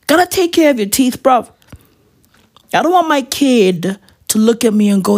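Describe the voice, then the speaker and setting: A woman's voice: fairly high pitch, lively intonation, normal speed, a little mellow. Profane rambling woman, comedic rant. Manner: profane, rambling, street slang. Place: at home, with spouse nearby.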